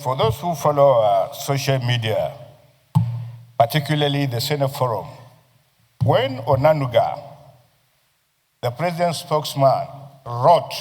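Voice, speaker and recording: A man with a Nigerian accent, a senator giving a forceful, declamatory floor speech with repeated phrases. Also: mid-range voice. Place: legislative chamber. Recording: reverberant chamber audio.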